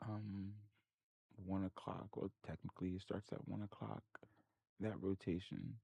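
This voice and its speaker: Man, low voice, dry close sound, talking to himself, casual chart commentary. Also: little pitch movement, a little slow, creaky, mellow, husky, no room sound. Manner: muttering, frustrated at the computer, talking to himself; thinking aloud while reviewing charts. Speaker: trading channel host. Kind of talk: casual screen-share commentary.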